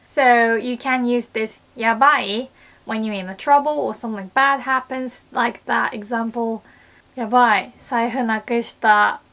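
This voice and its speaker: A woman's voice: a little high, fairly bright tone. A young woman with a Japanese accent, a native Japanese speaker, teaching a casual video lesson and acting out panicked little exclamations.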